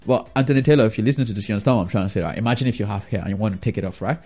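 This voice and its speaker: A man's voice: fairly low pitch, racing, a little mellow, soft background music. A man giving a casual, rambling opinion monologue about football as a fan vlogger, often checking in with the listener through tag questions.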